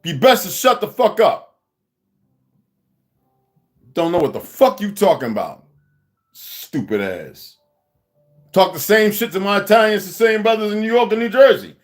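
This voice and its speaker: A man's voice: high voice, lively intonation, normal speed, long pauses, soft background music. A man hosting a livestream, ranting at a viewer in an aggressive, profane, confrontational way. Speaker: livestream host. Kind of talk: angry livestream rant.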